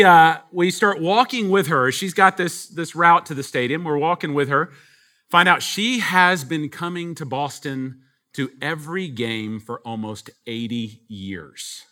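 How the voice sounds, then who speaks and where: A man's voice: on the high side, sharp tone. A man from Texas, a pastor, telling a story in a sermon, chatty with many fillers.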